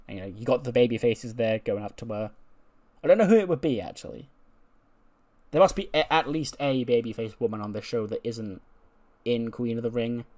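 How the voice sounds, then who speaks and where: A man's voice: medium pitch, lively intonation, brisk, a little mellow. Casual man narrating a wrestling sim. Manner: acts out dialogue in put-on voices, laughs often. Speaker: gameplay commentator. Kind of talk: casual game commentary with acted-out dialogue.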